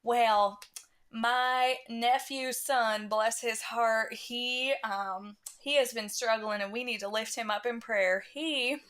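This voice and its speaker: A woman's voice: on the high side, fairly even intonation, slow, a bit bright. A woman voicing a gossipy older churchgoing woman with a Southern US accent, drawling and pious as she tattles. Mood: pious gossip.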